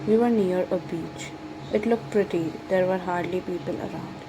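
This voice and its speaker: A woman reading a first-person romance story aloud in a dramatic, lovestruck manner, over steady background noise. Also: lowish voice, normal speed. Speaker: fan fiction reader.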